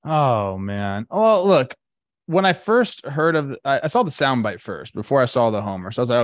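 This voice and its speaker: A man's voice: mid-range voice, sing-song, moderate pace, no echo. A man cohosting a sports talk show, laid-back and filled with 'like' and 'dude'.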